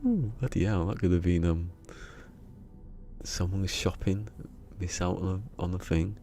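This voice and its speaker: A man's voice: deep voice, fairly even intonation, measured pace, warm tone. A man chatting casually on a live game stream, joking and rambling with frequent laughter.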